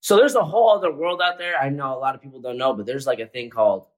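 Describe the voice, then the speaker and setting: A man in his twenties, a guest chatting casually in a relaxed, slangy way with lots of filler words. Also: mid-range voice, fast talker, low-quality recording. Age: 20s. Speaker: guest, comedian and dancer. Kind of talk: casual chat.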